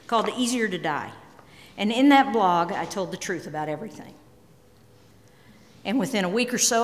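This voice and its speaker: A middle-aged woman giving a candid, emotional personal talk on stage, swinging between quiet and emphatic. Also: fairly low pitch. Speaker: speaker. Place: large hall. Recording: long hall reverb.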